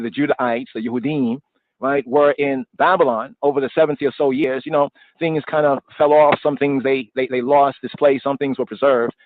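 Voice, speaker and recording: Over a dry, tinny, phone-like line, a slightly high-voiced American man leads a live-streamed Bible study. He's loose and digressive, looping and repeating words and phrases while blending informal street slang with his talk about scripture.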